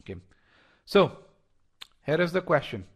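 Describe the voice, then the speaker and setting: Leading a live online class, this test prep instructor speaks in a fairly high, husky voice without hurrying. He's animated, talking through each step of the reasoning with frequent restarts and fillers while asking his students for their answers.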